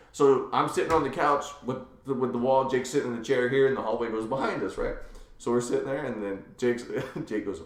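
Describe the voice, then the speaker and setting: A man hosting a podcast, telling a family story in a casual, animated way and laughing often. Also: medium pitch, brisk, roomy sound. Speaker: podcast host.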